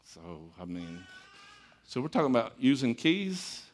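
A man preaching a sermon as a pastor, telling stories in an animated, conversational, folksy way. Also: medium pitch, a little slow, a little hiss or hum.

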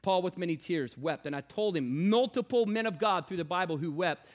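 Male preacher, high-pitched, impassioned sermon storytelling, repeats phrases, loud to hushed. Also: animated, fairly quick.

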